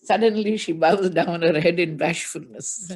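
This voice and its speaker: A woman spiritual teacher giving a religious discourse, chanting Sanskrit verses and then explaining them in measured storytelling. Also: lowish voice, darkish tone.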